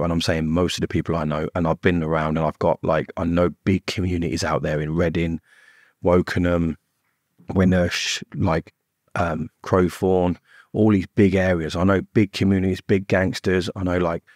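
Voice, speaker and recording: A man's voice: sits low, steady tone, normal speed, darkish tone, dry recording, clean studio sound. A middle-aged man, telling his story as a podcast guest in a blunt, rambling way full of swearing. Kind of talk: casual storytelling.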